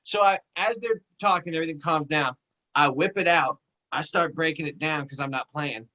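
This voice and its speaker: A man on a podcast telling a profane anecdote in a casual, animated way. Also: on the high side, moderate pace, low-quality recording. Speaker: podcast co-host. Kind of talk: casual storytelling chat.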